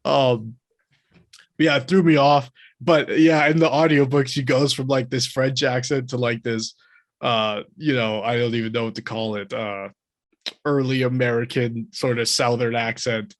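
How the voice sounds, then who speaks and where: A man's voice: mid-range voice, fairly even intonation, a little slow. A man co-hosting a podcast, talking about a book in a casual, rambling and enthusiastic way, often laughing. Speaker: podcast co-host.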